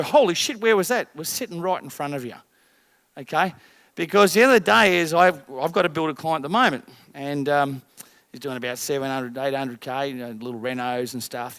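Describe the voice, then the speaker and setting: A man's voice: fairly high pitch, brisk, dry recording, studio quality. A man coaching a group of business owners, blunt and swearing, firing rhetorical questions. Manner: energetic, rising loud at the end.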